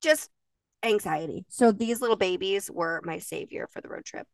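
A woman's voice: medium pitch, normal speed, vocal fry, dry recording, distant mic. A woman in her thirties, co-hosting a podcast and telling stories in a chatty, emotional way, laughing often. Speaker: podcast co-host. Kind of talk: casual chat.

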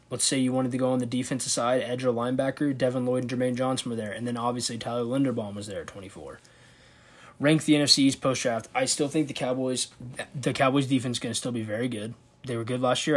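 A man hosting a casual sports video, commenting on a football draft, thinking aloud and reacting with disbelief. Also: mid-range voice.

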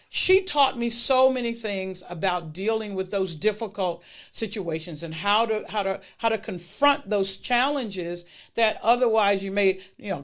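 A middle-aged woman telling personal stories about her career mentors in a lively, emphatic way. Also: mid-range voice. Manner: emphatic, lively retelling with acted-out dialogue. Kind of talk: personal storytelling talk.

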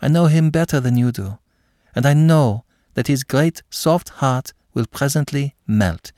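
A man voicing an earnest young woman who pleads eagerly and warmly for a friend. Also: medium pitch, measured pace, dry recording, studio quality, voice pushed up, lightly acted.

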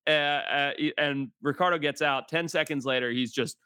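A man with a fairly high, bright voice tells a story as a guest on a chat show. He acts out the people in it as he goes. The sound is close and dry. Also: moderate pace, smooth, dry recording. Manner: animated, acts out the people in his stories. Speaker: guest, adventurer and TV host. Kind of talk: casual storytelling.

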